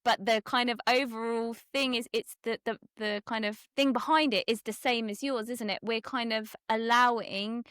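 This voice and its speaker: A woman's voice: fairly high pitch, fairly even intonation, fairly bright tone, smooth, no room sound. Brief: female podcast co-host, thoughtful and reflective, dry close sound. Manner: reflective, slow and thoughtful when explaining. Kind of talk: casual interview chat.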